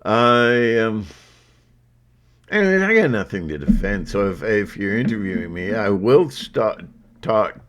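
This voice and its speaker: A man's voice: fairly low pitch, big pitch swings, measured pace. A man hosting his own channel, talking in a rambling, defiant monologue full of fillers and restarts. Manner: defiant, unfiltered, hesitant with many fillers. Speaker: channel host.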